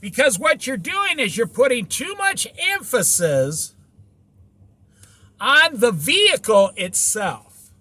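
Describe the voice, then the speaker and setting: A man's voice: sits high, sharp tone. A man giving an opinionated, preachy monologue about living simply in a van, repeating points and firing rhetorical questions. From United States. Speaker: van-life vlogger.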